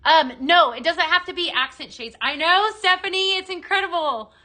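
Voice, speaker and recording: A woman hosting a live sales stream, gushing excitedly and talking straight to her viewers in a chatty product demo. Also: extremely high pitch, moderate pace, rough recording. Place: indoors, dimmed room.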